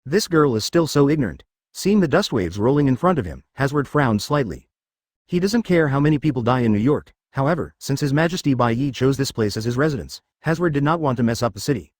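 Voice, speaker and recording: A man's voice: mid-range voice, lively intonation, fairly quick, no room sound, clean studio sound. A man reading a web novel aloud as narrator, dramatic with stiff translated phrasing.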